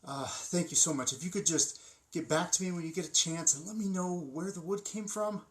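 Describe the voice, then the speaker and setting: A man playing an excitable wizard professor. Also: high-pitched, brisk, poor audio. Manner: excitable, rambling, stumbles over words. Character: eager cursed male wizard professor. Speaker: curse-breaking teacher. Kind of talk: fan-made web drama.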